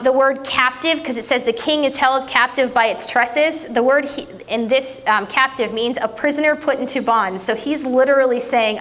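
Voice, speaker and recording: A woman preaching a conversational sermon, playful and self-mocking, with lively jokes. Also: high voice.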